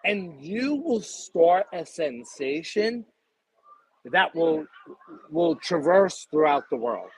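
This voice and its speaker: A man in his fifties, a guest in a casual interview, talking in an emphatic, salesy pitching way. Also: big pitch swings, takes it slowly, slightly rough, rough recording. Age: 50s.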